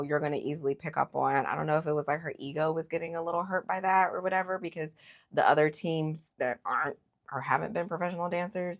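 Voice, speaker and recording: Woman, low voice, casual chatty recap, opinionated, fillers, gets animated. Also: vocal fry. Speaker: recap host.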